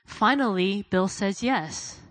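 A woman preaching a sermon, telling stories in a casual way, dropping soft and low for quoted prayers and rising loud when she urges her listeners. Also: slow, no room sound, low-quality recording. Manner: addresses listeners as "guys".

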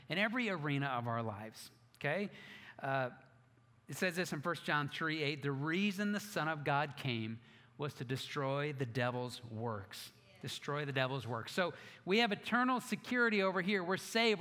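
A male pastor preaching in a bright, somewhat high voice. He tells stories with animated energy and drops self-mocking jokes along the way. His voice carries a long reverb, as if recorded in a large church hall. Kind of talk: sermon.

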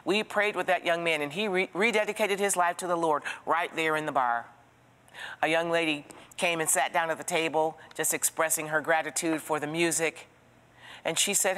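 A woman's voice: sits low, moderate pace. Preacherly woman teaching in a reverberant hall. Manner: expressive, preacherly, asks the listener direct questions. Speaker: Bible teacher. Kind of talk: Bible study teaching with storytelling.

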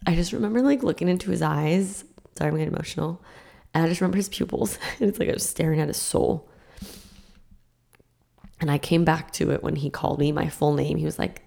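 A young woman hosting a podcast, excitedly telling a personal story in a casual, gushing way with lots of fillers. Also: low-pitched, vocal fry. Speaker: podcast host.

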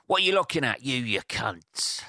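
A man's voice: medium pitch, sing-song, moderate pace, sharp tone, dry recording, pitched above the performer's own voice, heavily acted. A man voicing a menacing hard man from a gritty film, with a Northern Irish accent and a clipped, threatening delivery.

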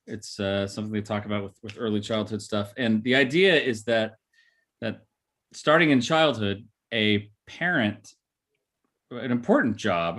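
Man, therapist, low voice, podcast explanation, keeps saying "right?", acts out quoted voices. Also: fairly bright tone. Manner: explains with tags like "right?" and "you know".

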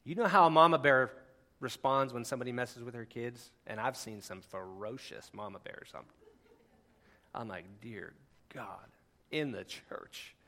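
A man preaching a sermon as pastor, impassioned and conversational, swinging from hushed lines to near-shouts. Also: medium pitch, moderate pace. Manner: conversational, with asides and laughs.

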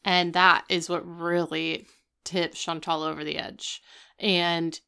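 A woman's voice: lowish voice, level tone, takes it slowly, vocal fry, sharp tone, smooth. A woman co-hosting a podcast, recapping a TV episode in casual, wry chat full of asides. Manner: chatty, wry, lots of "like" asides. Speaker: podcast co-host.

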